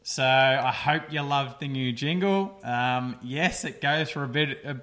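A man's voice: mid-range voice, unhurried, fairly bright tone. A young man hosting a casual podcast, chatty and rambling with lots of fillers. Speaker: podcast host. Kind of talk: casual solo podcast chat.

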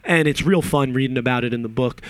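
A man's voice: medium pitch, quick pace, dry recording. A man on a podcast ranting about a movie in a casual, profane and opinionated way, wandering off into side stories. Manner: profane, opinionated, digressive storytelling.

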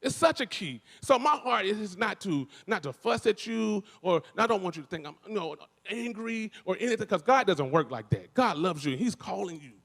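A man's voice: high voice, normal speed, hardly any pauses. A man giving a spirited church testimony with a preacher's cadence, repeating and restarting phrases as he builds up. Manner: energetic, repetitive preacher cadence with frequent restarts. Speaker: worship musician and speaker. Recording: long reverb of a large hall.

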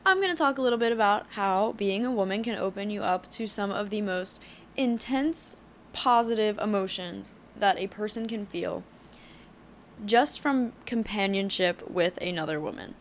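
A young woman in her twenties hosts a solo podcast, speaking with frank, heated candor at a medium pitch and moderate pace. Her intonation is lively, her talk loose, full of fillers and swearing, and a faint hiss runs under the recording.

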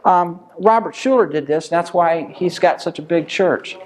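A man with a slightly raised pitch teaches a small Bible study group in an easy, conversational way. He poses rhetorical questions one after another and answers them himself, as a teacher talking with his class. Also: normal speed. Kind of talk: informal Bible study lesson.

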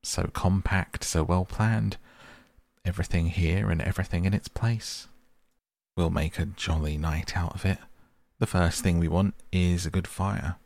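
A man voicing a cheerful, bustling male water rat from a storybook, talking briskly and heartily. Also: low-pitched, expressive, vocal fry, darkish tone, dry recording, exaggerated voice.

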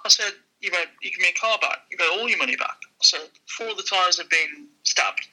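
A man's voice: sits high, brisk, poor audio. A man, a used car dealer, telling a casual anecdote and acting out the people in it. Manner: lively, acts out the people in his stories.

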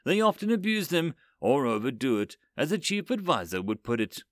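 A man's voice: mid-range voice, sing-song, normal speed, no echo, pitched above the performer's own voice, lightly acted. Musing machine fond of humans, male narrator's put-on voice, dry close read. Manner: hesitant, musing.

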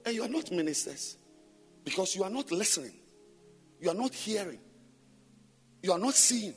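A man preaching a sermon in a church on a microphone, emphatic and rhetorical, firing repeated questions at the congregation and swinging between loud sing-song chanting and low murmurs. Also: animated, normal speed, soft background music. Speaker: pastor.

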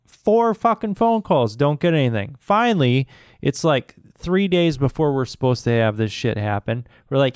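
A man telling a long, exasperated, profane story in a casual chat, sometimes mimicking other people in a high voice. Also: lively intonation, normal speed, clean tone, dry recording, clean studio sound. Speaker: podcast co-host.

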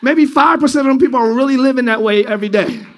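Man preaching in church, very high voice, shouting then hushed, sermon to a congregation. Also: fast. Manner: preaching, swings from shouting to quiet intimate talk. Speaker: pastor.

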